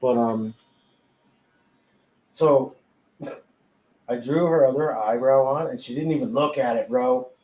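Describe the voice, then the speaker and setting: A man's voice: medium pitch, a little slow, pauses often, darkish tone. A man telling a personal story in casual chat, swearing freely and laughing often. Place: tattoo studio during a live podcast. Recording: roomy echo, faint ambience.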